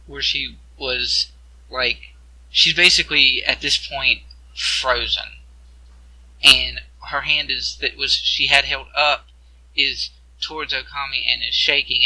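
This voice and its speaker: A man running a tabletop game as game master, narrating scenes and explaining rules in a halting way over voice chat. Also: mid-range voice, steady tone, bright, forceful tone, slightly rough, poor audio.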